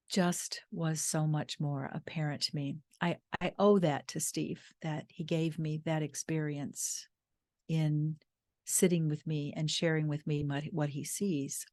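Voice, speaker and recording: A woman guest speaker telling a personal story in a soft-spoken, earnest, reflective way. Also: sits low, level tone, slow, dry recording. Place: retreat venue.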